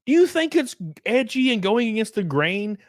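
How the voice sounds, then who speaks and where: A male livestream host rants sarcastically, swinging his fairly high voice up and down with lively emphasis. He talks close to the mic, and the sound is dry, with no room echo. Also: moderate pace. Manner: sarcastic, ranting, animated. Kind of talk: livestream commentary rant.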